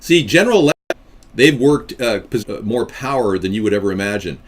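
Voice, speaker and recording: A man's voice: fairly low pitch, animated, fairly quick. A man hosting a political livestream in a casual, rambling way, with frequent restarts.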